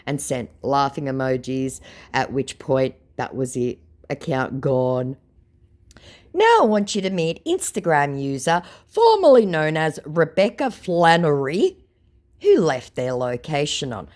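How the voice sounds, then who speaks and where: A woman's voice: sits low, very animated, unhurried, darkish tone. A woman telling a funny story in a sarcastic, mocking way. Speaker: narrator. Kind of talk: comedic storytelling.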